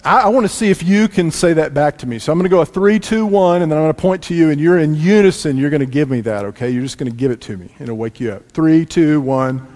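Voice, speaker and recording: A man preaching a sermon as pastor, telling a family story with lively shifts between loud lines and quiet asides. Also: on the high side, fast talker, hardly any pauses. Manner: animated, swings from loud to hushed asides. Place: church sanctuary. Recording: long reverb in a large room.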